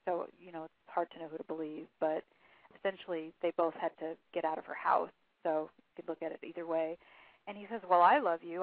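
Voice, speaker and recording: A woman's voice: fairly low pitch, dry recording. A woman guest on an interview, telling a story at length and reading quotes aloud, with frequent fillers, heard over a phone line. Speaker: author guest. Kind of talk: phone interview, recounting a case.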